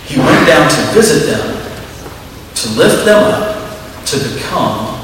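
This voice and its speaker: A man's voice: fairly high pitch, big pitch swings, takes it slowly, background noise. Man doing a solemn senior angel, stiff, patient, echoey hall from far off.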